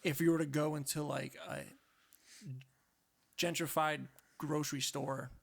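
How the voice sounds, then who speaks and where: A young man chats casually and drops dry, wry asides. His voice is gravelly with plenty of fry and sits a bit higher than most men's. He sounds relaxed and unhurried. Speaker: podcast co-host. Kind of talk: casual chat.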